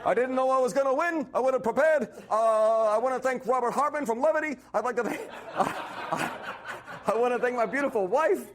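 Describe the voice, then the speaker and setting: A man's voice: very high voice, a little fast, slight background noise, voice pushed up. A man playing a flustered older award winner rambling through a thank-you speech.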